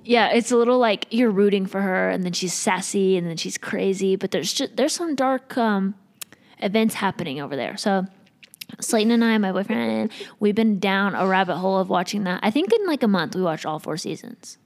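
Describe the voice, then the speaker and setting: A woman's voice: medium pitch, animated, vocal fry. A young woman co-hosting a podcast, chatting casually and playfully. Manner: playful, quick to joke. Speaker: podcast co-host. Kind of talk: casual chat.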